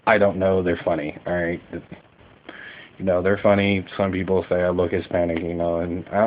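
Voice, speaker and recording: A man's voice: deep voice, flat delivery, moderate pace, phone-quality sound. A young man from Kentucky rambling casually at night from bed, joking and self-deprecating, with lots of fillers. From Kentucky, USA. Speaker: vlogger.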